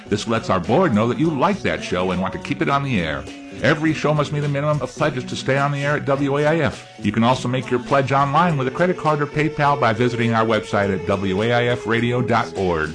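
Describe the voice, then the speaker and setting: A man reading a scripted pledge-drive announcement for a radio station in a steady, formal voice. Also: mid-range voice. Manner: steady, formal read with numbers spelled out slowly. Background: music.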